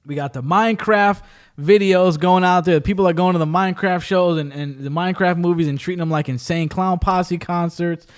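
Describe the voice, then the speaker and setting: Animated man telling stories, slightly high voice. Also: a little fast, clean tone. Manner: animated storyteller, says bro and dude often. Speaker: podcast host. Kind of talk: casual chat.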